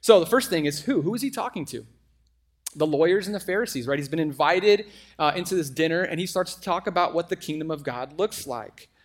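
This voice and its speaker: A middle-aged male pastor delivers a sermon in a conversational, lively way. He keeps turning to the congregation with quick asides and questions, and his voice sits a bit higher than most men's.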